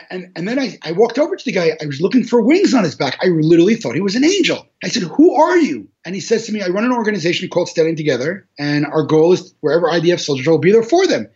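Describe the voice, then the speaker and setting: High-voiced man telling his story. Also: very fast. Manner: animated, repetitive restarts, laughs while telling. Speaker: interview guest, charity organizer. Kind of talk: emotional storytelling interview. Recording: dull lo-fi audio.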